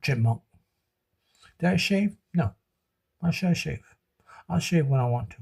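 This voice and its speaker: Man vlogger with a higher-pitched voice, recording on a phone, emotional and rambling, repeats himself. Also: animated, measured pace, creaky, a little mellow. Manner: rambling and repetitive, venting about relationships. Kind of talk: emotional personal vlog.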